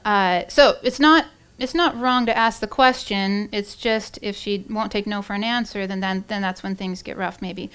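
A woman giving an earnest devotional Bible teaching, with many pauses, fillers and restarts. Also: medium pitch, clean tone. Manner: earnest, warm-hearted, with frequent fillers and restarts.

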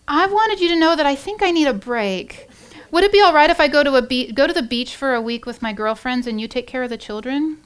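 A woman voicing a wife who sweet-talks and begs her husband, her voice lifting higher and quicker. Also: close to an everyday voice. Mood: sweet-talking. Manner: coaxing, pleading, higher and faster. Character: sweet-talking pleading wife.

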